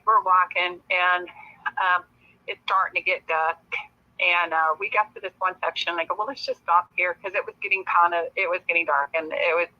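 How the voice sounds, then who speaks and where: A woman guest telling a personal story in a casual, lively way, laughing often as she talks. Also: on the low side, muffled recording.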